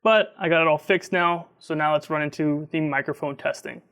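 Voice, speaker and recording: A man's voice: a little high, brisk, fairly bright tone. A man giving a casual tech review, explaining his setup in an upbeat way.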